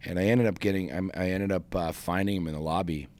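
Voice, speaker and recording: A man's voice: low voice, steady tone, quick pace, a little mellow. A man co-hosting a podcast, telling a story in casual chat with emphatic, profane phrasing and frequent restarts. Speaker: podcast co-host.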